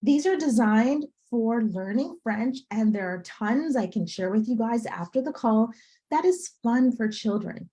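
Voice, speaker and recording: Higher-voiced woman tutoring on a call. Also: expressive, dark tone. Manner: checks in with frequent "okay?"; sounds out letters slowly and repeats them. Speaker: French tutor. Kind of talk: online presentation to parents.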